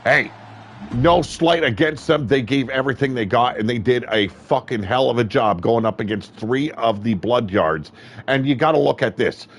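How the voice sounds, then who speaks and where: A man calling a wrestling match play-by-play, excitable and profane, often shouting. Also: mid-range voice, normal speed, a little hiss or hum. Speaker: wrestling commentator. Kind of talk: play-by-play commentary.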